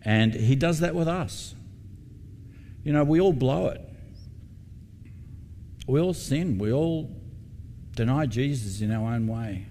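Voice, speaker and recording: A man's voice: medium pitch, animated, slow pace, long pauses, dark tone, in a large hall, slight background noise. A male pastor preaching a sermon, reading scripture and putting questions to his congregation.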